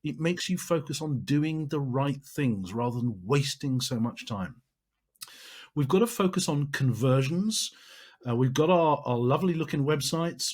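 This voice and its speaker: A man's voice: medium pitch, slightly rough. A man giving a marketing training talk, emphatic and repeating phrases for stress.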